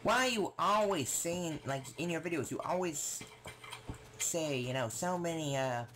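A man's voice: on the high side, lively intonation, a little slow, fairly bright tone, a little hiss or hum, voice pushed up. A man imitating his sister in a whiny, questioning voice. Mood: exasperated. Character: nagging younger sister, questioning and exasperated.

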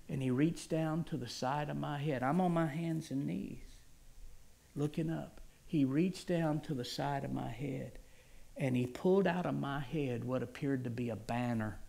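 A male guest preacher giving a sermon testimony, telling it dramatically and swinging from hushed whispers to loud cries. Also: on the high side, measured pace, gravelly.

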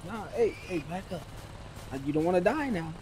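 A man's voice: high-pitched, lively intonation, brisk, crowd noise, rough recording. A man in a roleplay game sounding alarmed and incredulous. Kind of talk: in-character roleplay chat.

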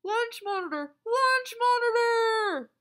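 A woman voicing a frantic young schoolboy who shouts warnings at the top of his voice. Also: very high voice, animated, slow pace, pitched above the performer's own voice, heavily acted. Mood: frantic shouting.

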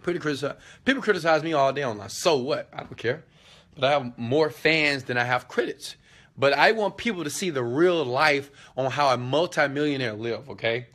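This man hosts a casual live motivational talk, answering viewer questions in a mid-range, fairly bright voice at normal speed. He's emphatic and preachy, firing off rhetorical questions and slangy asides and often checking in with "okay?".

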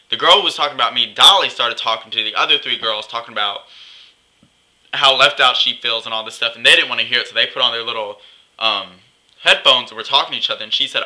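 A man's voice: mid-range voice, pushed and bright, low-quality recording. A young man vlogging in a chatty, gossipy way, acting out what others said. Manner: chatty, gossipy, acts out quotes. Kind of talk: casual vlog rant.

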